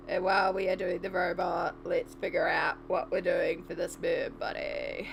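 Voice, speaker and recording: A woman's voice: on the low side, level tone, moderate pace, gravelly, hardly any pauses, background noise. A woman streamer chatting casually with her viewers while colouring, giggly and self-deprecating. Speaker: art streamer.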